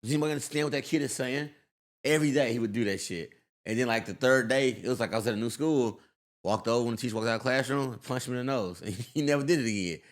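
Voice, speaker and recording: A man's voice: medium pitch, quick pace. A man in casual podcast chat, telling stories and acting out the voices of people he quotes. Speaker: co-host.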